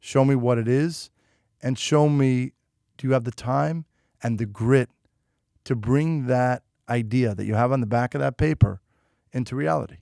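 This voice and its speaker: A man's voice: mid-range voice, normal speed, creaky, dark tone, no room sound, studio quality. A man hosting a podcast interview, chiming in with short affirmations and earnest riffs on the guest's points. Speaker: podcast host. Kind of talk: casual interview chat.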